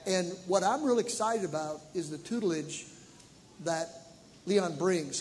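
A middle-aged man with a high voice, preaching a sermon that builds to loud, emphatic delivery. His voice rings with long reverb through a large church sanctuary. A faint hum of room noise sits under him. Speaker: pastor.

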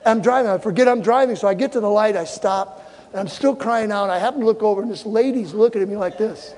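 A male pastor preaching a sermon in a church, telling funny stories and breaking into shouted exhortations. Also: high-pitched, a little fast, long reverb tail. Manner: animated, humorous storytelling with shouted exhortations. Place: church sanctuary.

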